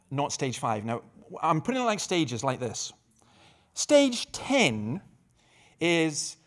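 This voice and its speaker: Middle-aged man, preacher at a conference, higher-pitched, lively storyteller with dry humor who trips over his own words. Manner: repeats words while restarting phrases. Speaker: preacher and evangelist. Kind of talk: conference talk on evangelism.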